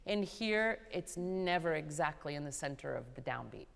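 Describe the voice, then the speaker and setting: A woman teaching a vocal master class, animated and playful, who often sings short phrases to show what she means. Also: low voice, moderate pace, vocal fry. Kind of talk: coaching a singer in a master class. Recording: hall reverb, live concert hall.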